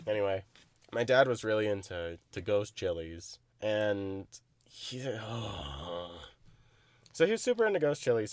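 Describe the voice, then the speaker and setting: A young man co-hosting a podcast, telling stories in a casual chat, animated, often laughing and swearing. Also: on the low side, normal speed, no echo. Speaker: podcast co-host.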